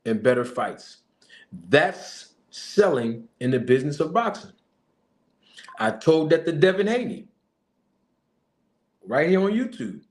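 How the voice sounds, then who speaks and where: Lively, high-voiced man coaching on camera. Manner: coaching, addressing the fighter directly; emphatic and repetitive. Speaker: boxing manager and commentator. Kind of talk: direct-to-camera commentary. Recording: echoey room.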